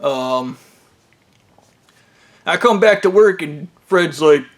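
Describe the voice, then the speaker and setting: Guy ranting a story, swears a lot, rambles, kinda higher voice. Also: expressive, takes it slowly. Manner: profane, rambling and conspiratorial.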